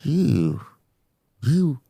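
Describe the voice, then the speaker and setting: A man voicing a baffled man who keeps repeating a question in halting disbelief. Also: mid-range voice, big pitch swings, gravelly, dark tone, breathy edge, no room sound, studio quality, voice pushed up, exaggerated voice. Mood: incredulous. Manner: incredulous, halting repetition.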